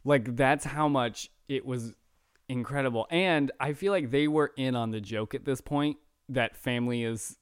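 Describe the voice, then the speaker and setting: A young man chats excitedly about a film he just saw, breaking down the plot with a friend. His voice is smooth and resonant, recorded close in a dry, dead room. He often quotes characters in offhand voices. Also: medium pitch, normal speed, dry recording. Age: young adult. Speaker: podcast co-host. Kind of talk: casual movie review chat.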